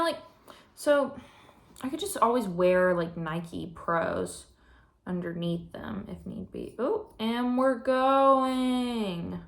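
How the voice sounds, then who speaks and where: A woman's voice: fairly high pitch, creaky, echoey room. A teenage girl vlogging casually in her room, telling a story with lots of fillers while she works on something. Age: teens. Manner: chatty storytelling with many fillers. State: slightly out of breath. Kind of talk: casual vlog chat.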